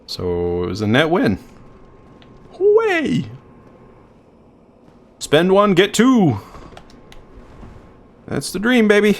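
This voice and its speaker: Streamer dude swearing at a game, pitch all over the place, faint hum behind. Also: male voice, a bit bright. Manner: swearing, joking, talks to himself and the game. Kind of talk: casual gameplay commentary.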